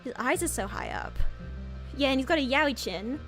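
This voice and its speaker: A woman streamer reading a story game aloud, excitable, with squeals and dramatic reactions. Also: high voice, normal speed, faint music behind.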